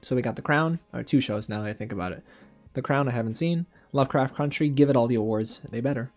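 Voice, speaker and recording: A young man hosting a casual film reaction show, animated and exasperated, talking straight to his viewers. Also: mid-range voice, fast talker, soft background music. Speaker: film critic and channel host.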